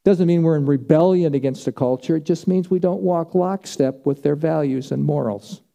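A man preaching a sermon, emphatic and dramatic, with vivid pauses. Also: on the high side, vocal fry, warm tone. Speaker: pastor.

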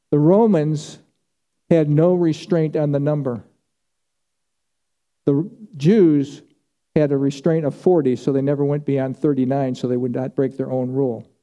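Dark-voiced man preaching with drama. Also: a little high. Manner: dramatic, emphatic preaching with vivid pauses. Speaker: pastor. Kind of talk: sermon.

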